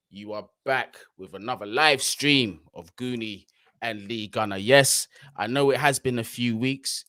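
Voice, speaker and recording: Hyped slangy man, bright dry sound. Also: mid-range voice, dry recording. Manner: hyped, slangy, swears freely. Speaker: co-host of a football live stream. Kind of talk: casual chat. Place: New York City.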